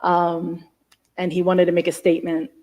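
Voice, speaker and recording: A woman's voice: on the low side, completely flat delivery, moderate pace, darkish tone. A woman hosting a live stream between songs, chatting in a rambling, enthusiastic way with lots of asides. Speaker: live stream host and singer.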